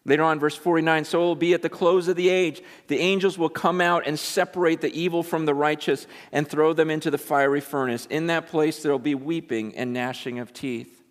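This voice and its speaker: In a large meeting room before an audience, a pastor preaches conversationally and emphatically, retelling scripture in everyday language. His fairly high voice is steady and a little fast, with few pauses, and the hall gives a long reverb.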